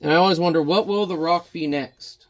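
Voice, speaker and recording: A man's voice: fairly high pitch, brisk. A man chatting casually while he paints in watercolor, rambling and muttering to himself as he works.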